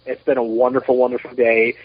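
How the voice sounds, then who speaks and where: A man in his thirties, a documentary producer, chatting as a podcast guest and telling animated, rambling stories with many restarts. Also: mid-range voice, fast, breathy edge. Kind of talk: casual interview chat. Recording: muffled lo-fi podcast audio.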